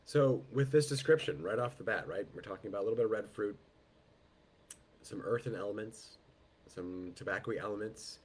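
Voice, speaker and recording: Deep-voiced man with a head cold. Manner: unhurried, descriptive, greets guests by name. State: head cold, voice lowered in the throat. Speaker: wine tasting host. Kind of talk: live online wine tasting. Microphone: video call.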